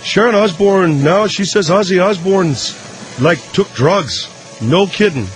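A man's voice: fairly high pitch, lightly acted. A man voicing a dim, folksy male newsman with a Canadian accent who rambles through gossip in a radio comedy bit.

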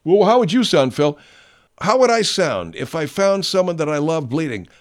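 A man hosting his own show, telling a story in a profane, digressive, animated way. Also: fairly high pitch, normal speed. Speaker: host. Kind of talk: casual show monologue.

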